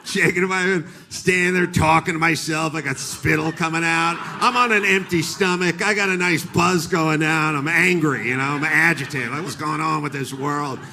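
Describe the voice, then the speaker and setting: Man, stand-up comedian, middle-aged, bright edgy tone, slightly high voice, live stage mic, faint room noise. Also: normal speed, few pauses. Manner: animated storytelling with acted-out voices.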